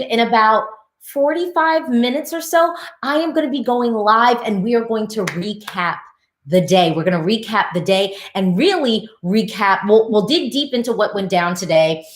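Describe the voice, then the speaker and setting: Woman vlogger, mid pitch, chatty commentary with restarts, echoey room sound. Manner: chatty, repeats phrases, quick restarts. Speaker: Eurovision reaction vlogger. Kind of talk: casual reaction commentary to camera. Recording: roomy echo.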